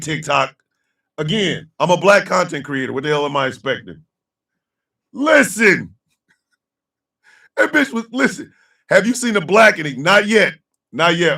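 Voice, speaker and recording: Streamer guy yelling and laughing at his chat, raspy gravelly voice, kinda far from the mic. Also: fairly high pitch. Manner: loud, animated, profane storytelling, often breaking into laughter. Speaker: livestreamer reading chat. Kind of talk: casual livestream chat.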